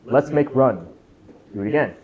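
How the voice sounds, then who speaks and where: Animated, at a normal pace and medium pitch, a young man gives a chatty club lecture in a classroom. He jokes around, asks students questions, and keeps saying "right?"; the recording sounds dull.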